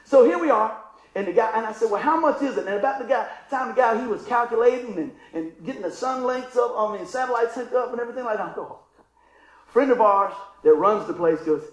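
A man's voice: extremely high pitch, animated, fast, roomy sound, low-quality recording. A middle-aged man preaching a sermon, telling a funny story and calling for responses from the congregation. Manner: folksy, call-and-response, acts out story voices. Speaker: pastor.

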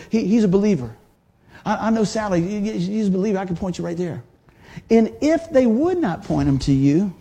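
A man's voice: high-pitched, vocal fry, dark tone, breathy edge. A male pastor preaching a sermon in a conversational, folksy way, often adding "man" and "amen".

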